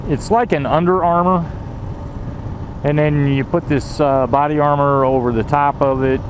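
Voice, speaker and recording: A man's voice: on the high side, steady tone, normal speed, a little hiss or hum. A man casually reviewing his riding gear, rambling with lots of fillers and restarts and some swearing.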